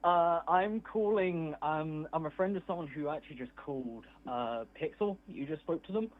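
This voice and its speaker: A man's voice: a little high, normal speed. A man calling in to a live stream in a friendly, chatty way, tired after staying up all night. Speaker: caller. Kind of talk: call-in chat. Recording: phone-line call.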